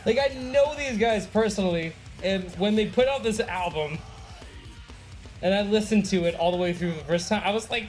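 A music vlogger giving casual song recommendations, gushing and excitable, with many "like" fillers. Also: mid-range voice, normal speed.

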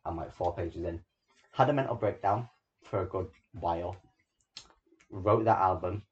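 A man's voice: low voice, normal speed, dull audio. A teenage boy hosting a homemade podcast, talking bluntly and teasing his friend, with plenty of swearing. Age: teens. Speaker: podcast host. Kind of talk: casual chat. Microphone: small home microphone.

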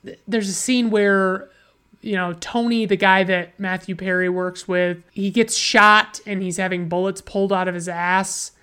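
A woman's voice: medium pitch, steady tone, unhurried, fairly bright tone, clear, resonant tone. A woman casually reviewing a movie, sarcastic and profane, often restarting her sentences.

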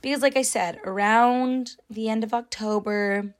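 A woman's voice: fairly high pitch, steady tone, measured pace. A young woman talking to her viewers in a casual, reflective vlog, earnest and full of fillers like "like" and "you know". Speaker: vlogger.

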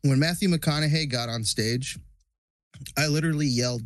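A man's voice: on the high side, normal speed, no echo. A young man co-hosting a podcast in casual chat, giving blunt, mock-ranting takes. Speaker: podcast co-host.

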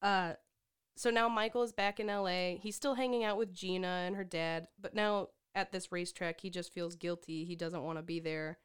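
Woman co-host, clear smooth voice, lively casual film recap with frequent laughter. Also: fairly low pitch, moderate pace. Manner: animated, laughs often, acts out quotes. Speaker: podcast co-host. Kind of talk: casual movie recap chat.

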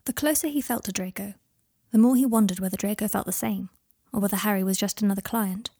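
A woman reading fan fiction aloud in a calm, even narrating voice. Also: medium pitch, fast talker, breathy edge, dry recording, clean studio sound. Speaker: reader.

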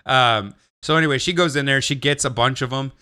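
Bright-voiced man telling a rambling story. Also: medium pitch, fairly quick, smooth. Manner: rambling, swearing, animated retelling. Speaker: podcast co-host. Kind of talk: casual storytelling chat.

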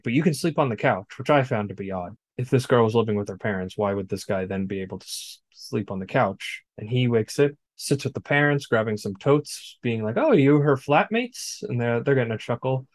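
In a casual movie discussion, a podcast co-host sums up a film bluntly and with plenty of profanity. He speaks fairly quickly in a mid-range voice, and there's no room sound.

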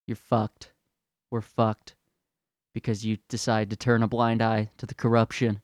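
A man's voice: on the low side, flat delivery, a little slow, no room sound, clean studio sound. A slightly drunk man hosting a podcast, delivering a fiery, profane, sarcastic political rant. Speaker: podcast host.

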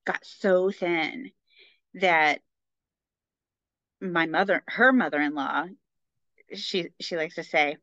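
Woman co-host, casual chat, bright forceful voice, dry dull lo-fi sound. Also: on the low side, dry recording. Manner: fast, chatty, lots of fillers. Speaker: podcast co-host.

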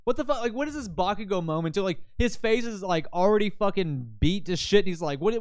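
A man's voice: high voice, lively intonation, brisk, hardly any pauses, a little mellow. A young man co-hosting a casual podcast chat, ranting emphatically and swearing often. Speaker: podcast co-host.

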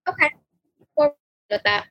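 A young woman co-hosting a podcast, chatting casually and reacting with quick interjections. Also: bright, forceful tone, no room sound, low-quality recording. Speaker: podcast co-host. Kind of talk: casual chat.

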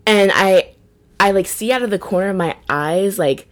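A young woman telling stories in casual chat, animated and full of "like". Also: medium pitch, normal speed. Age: young adult. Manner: chatty, animated storytelling with lots of "like". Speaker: podcast co-host.

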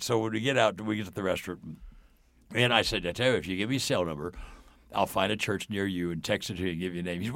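A man's voice: lowish voice, quick pace, fairly bright tone, no room sound, studio quality. An older man, a podcast guest, telling stories with enthusiasm and acting out the dialogue. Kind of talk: storytelling in a faith podcast.

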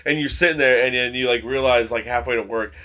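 A man's voice: medium pitch, steady tone, fast, bright, forceful tone. A man telling crude stories in casual podcast chat, swearing a lot and laughing at his own jokes. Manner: profane, laughing storyteller. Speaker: podcast co-host.

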